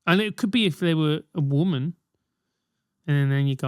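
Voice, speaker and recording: A man's voice: a little high, normal speed, long pauses, clean tone, no echo, clean studio sound. A man hosting a solo comedic advice podcast, rambling and swearing through comic rants. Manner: rambling, profane, comic ranting. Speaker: podcast host.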